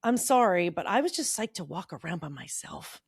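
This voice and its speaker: A middle-aged woman co-hosting a podcast, reading an old teenage journal aloud and acting out the quotes in a bright voice. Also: on the low side, big pitch swings, brisk, creaky, slightly rough, dry recording, studio quality. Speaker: podcast co-host.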